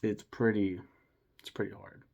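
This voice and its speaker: A fairly low-pitched young man talks through a movie review in a loose, rambling way. He gets enthusiastic, trips over his own restarts and swears casually as he goes. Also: level tone, moderate pace, vocal fry, darkish tone. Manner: rambling and enthusiastic, with mild swearing and self-interruptions. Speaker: film reviewer. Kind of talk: casual film review monologue.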